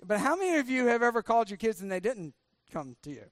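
A man's voice: extremely high pitch, very animated, fast talker, no echo, studio quality. A middle-aged man, a pastor preaching a sermon, joking and sarcastic while he quizzes the congregation with questions.

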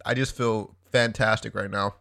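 A man's voice: on the low side, steady tone, moderate pace, gravelly, fairly bright tone. A man co-hosting a podcast in casual chat, laughing often, teasing and swearing. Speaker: podcast co-host.

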